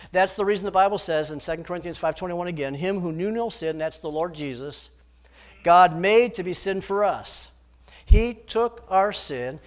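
A male preacher with a high-pitched voice delivers a sermon. His manner is dramatic and emphatic. He swings between loud proclamations and quiet, intense storytelling.

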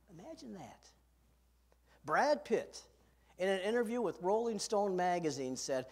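A man's voice: high voice, sing-song, normal speed, darkish tone, husky. A man preaching a sermon as pastor from a podium, earnest and emphatic, asking his listeners direct questions. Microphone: podium microphone.

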